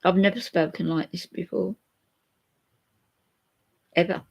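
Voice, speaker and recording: Older woman with a gravelly voice. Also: on the low side, steady tone, unhurried. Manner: open, rambling, reads out viewers' comments. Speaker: vlogger chatting to live viewers. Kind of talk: emotional live chat.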